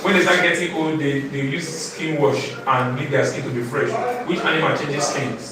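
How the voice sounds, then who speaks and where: A man teaches a live literature class, his voice on the high side with fairly even intonation and moderate pace, firing off call-and-response questions ending in "what?". Recorded from a distant mic in an echoey room, the crowd of students is audible in the background.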